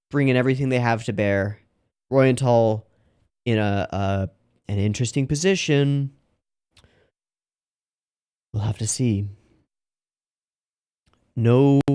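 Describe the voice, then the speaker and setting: A man's voice: medium pitch, clear, resonant tone. Chatty man reacting to anime. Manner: chatty, rambling, loud excited outbursts. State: yawning, sleepy. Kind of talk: casual reaction commentary.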